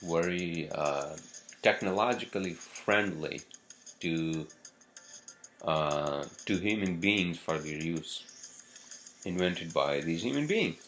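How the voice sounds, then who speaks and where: A man's voice: sits low, expressive, takes it slowly, pauses often, fairly bright tone, slight background noise. A man hosting a casual vlog, ranting profanely and rambling with many fillers. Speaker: vlog host.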